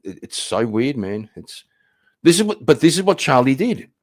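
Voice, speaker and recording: A man's voice: medium pitch, very animated, normal speed, darkish tone. A man hosting a stream, reacting to clips in blunt, rambling, profane talk. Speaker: stream host. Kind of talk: casual reaction commentary.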